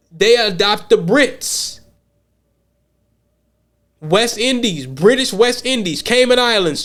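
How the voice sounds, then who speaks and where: A man's voice: extremely high pitch, a bit bright. An American man hosting a podcast, talking casually and rambling, often repeating words as he restarts. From United States. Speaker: podcast host.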